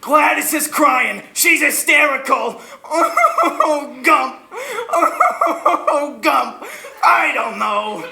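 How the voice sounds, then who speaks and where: An actor playing a pompous, fussy factory boss in a stage musical, with a gravelly voice, recorded in an echoey hall. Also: male voice, very high-pitched, big pitch swings, drawn-out words, sharp tone, heavily acted. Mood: flustered. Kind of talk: amateur stage musical acting.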